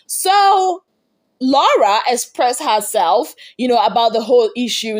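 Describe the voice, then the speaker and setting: A Nigerian woman chats through a gossip recap with a bright, high-pitched voice. She is animated and chatty, tossing in rhetorical questions as she goes. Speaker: entertainment gossip vlogger.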